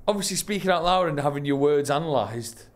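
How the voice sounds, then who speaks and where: A man's voice: a little high, normal speed. A young man hosting a casual podcast, joking and swearing freely. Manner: animated, swears freely, laughs often. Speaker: podcast host. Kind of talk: casual chat.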